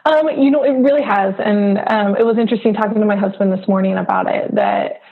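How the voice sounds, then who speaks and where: A woman's voice: medium pitch, steady tone, a little fast, vocal fry. A woman in her thirties from Hawaii, a food blogger chatting as a podcast guest, full of fillers and easy laughs. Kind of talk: casual interview chat. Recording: phone-like remote line.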